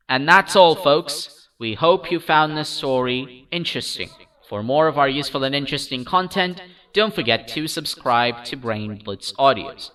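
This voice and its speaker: A man reading a story aloud as a storyteller, in a measured, expressive scripted narration. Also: a little high, far from the mic, poor audio.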